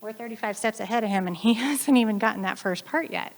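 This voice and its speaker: Chatty American woman giving a talk, slightly gravelly. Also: on the high side, quick pace. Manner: chatty, animated, acts out quoted voices, frequent laughs. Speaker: conference speaker. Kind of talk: conference talk.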